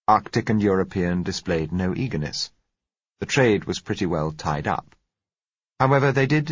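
Deep, husky male audiobook narrator. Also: no room sound, muffled recording. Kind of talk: scripted narration.

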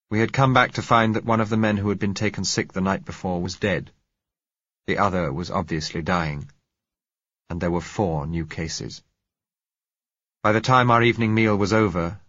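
A man with a very low, husky voice narrates an audiobook in a measured, reflective first-person reading. The sound is dry and close, with a dull, lo-fi quality. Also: a bit bright, no echo.

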